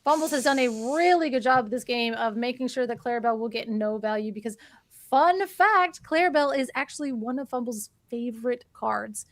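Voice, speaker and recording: A woman casting a live card game match, talking quickly and rambling, and she laughs often as she calls the plays. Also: fairly high pitch, no echo. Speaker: caster.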